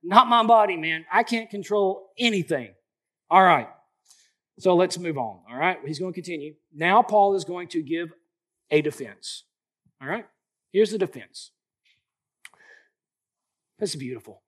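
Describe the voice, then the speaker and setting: A man in his late forties preaching a sermon, lively and colloquial, often repeating emphatic phrases. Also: high voice, normal speed. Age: 40s. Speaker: pastor.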